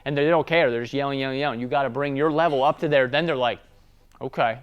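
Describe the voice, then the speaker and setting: A smooth-voiced man coaching salespeople. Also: mid-range voice, fairly even intonation, very fast, dull audio. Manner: conversational storytelling, tag questions. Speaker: sales trainer. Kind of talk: casual business training talk.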